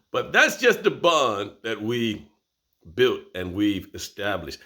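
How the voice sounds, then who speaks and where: Animated low-voiced man in his fifties. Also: slow pace. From Florida, USA. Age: 50s. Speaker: host. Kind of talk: personal storytelling.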